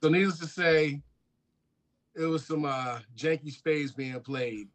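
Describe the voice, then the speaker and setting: A man's voice: on the high side, takes it slowly. Laughing, profane man telling stories. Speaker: podcast co-host. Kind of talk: casual storytelling chat.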